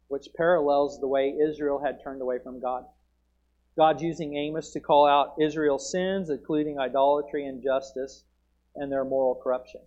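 Muffled man teaching a sermon. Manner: conversational Bible teaching with sudden loud proclaiming. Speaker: preacher. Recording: muffled low-fidelity sound.

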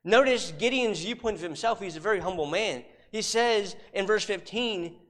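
A man preaching a sermon, emphatic, repeating rhetorical questions and dropping suddenly to a hush. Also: sits high, normal speed, few pauses.

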